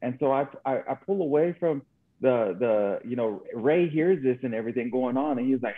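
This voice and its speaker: With lively intonation and a mid-range voice at normal speed, a podcast co-host from El Paso, Texas tells a casual, rambling story. Words get repeated and lines end in "right?" Audio is phone-like and narrow.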